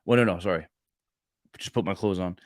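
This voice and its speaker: A man in his thirties with a fairly low voice tells stories in a casual podcast chat. He acts out the dialogue with lively bursts of energy and often restarts his sentences. The recording is dry and close, with no room sound. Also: brisk, no room sound. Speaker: podcast co-host. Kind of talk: casual faith chat, storytelling.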